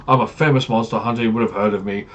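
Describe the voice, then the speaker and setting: A man's voice: fairly low pitch, steady tone, fast talker, a bit bright, dull audio, natural voice. A man voicing a pompous, boastful male paladin monster hunter in a tabletop game recap. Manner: grandiose, self-important bragging.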